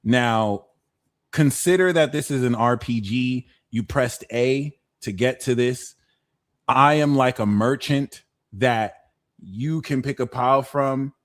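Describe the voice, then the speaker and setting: Tarot reader on a live stream: man, playful slang, mid-pitched voice, lively patter. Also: slow.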